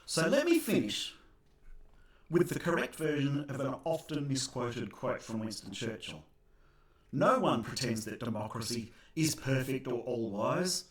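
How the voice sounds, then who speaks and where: An Australian man, an accountant, giving a sardonic opinion monologue, dry and wry with animated bursts. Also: medium pitch, normal speed. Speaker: accountant vlogger. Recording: echoey room.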